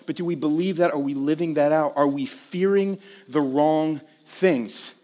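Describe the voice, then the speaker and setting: A man's voice: a little high, measured pace, warm tone, long reverb tail. A man preaching a conversational sermon, moving from casual asides to emphatic questions. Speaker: pastor.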